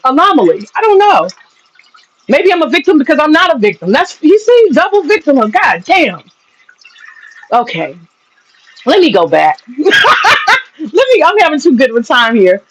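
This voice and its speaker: A woman's voice: a little high, rough recording. A woman hosting a livestream, talking casually and sarcastically with lots of slang, profanity and frequent laughter. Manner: casual slangy talk, drawn-out mock pleading. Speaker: livestream host and businesswoman. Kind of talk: livestream chat reading comments.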